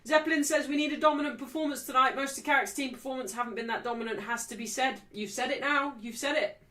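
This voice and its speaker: A woman hosting a football watchalong stream, calling the play, cheering loudly and joking brashly with her live chat. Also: high-pitched, fast talker. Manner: excitable, shouting cheers at big moments. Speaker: livestream host.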